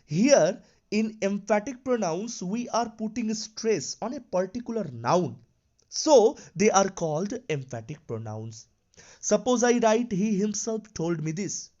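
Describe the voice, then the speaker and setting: A man's voice: sits high, sing-song, measured pace, darkish tone, lo-fi sound. A man teaching an English grammar lesson, explaining patiently and repeating his examples with lots of "you know" and "okay".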